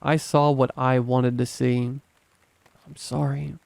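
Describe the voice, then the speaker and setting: A man voicing a frail, grieving old man who talks in a halting, apologetic way, choked up with tears. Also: mid-range voice, level tone, gravelly, a little mellow, dry recording. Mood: remorseful. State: choked up, crying.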